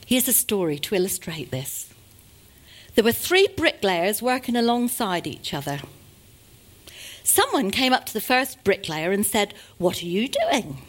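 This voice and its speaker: A woman preaching a sermon to a congregation, swinging between loud exhortation and hushed asides. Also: medium pitch, expressive, moderate pace.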